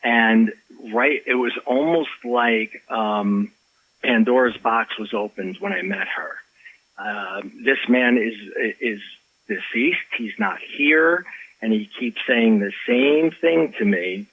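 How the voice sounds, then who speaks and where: Man, husky, animated storytelling, stumbling restarts, middle pitch, lo-fi podcast sound. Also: takes it slowly, dry recording. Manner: animated, many restarts and fillers. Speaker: author guest.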